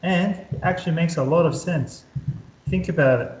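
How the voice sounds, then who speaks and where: A maths tutor with a slightly high, darkish voice gives an upbeat whiteboard lesson at a moderate pace, frequently checking in with his students. His voice echoes around a bare room.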